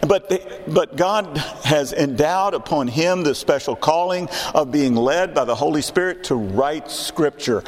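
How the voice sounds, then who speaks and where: A man's voice: a little high, animated, unhurried, hardly any pauses, long reverb tail. A man in his sixties preaching a sermon in a church, emphatic and repeating his key questions. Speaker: pastor. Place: church sanctuary.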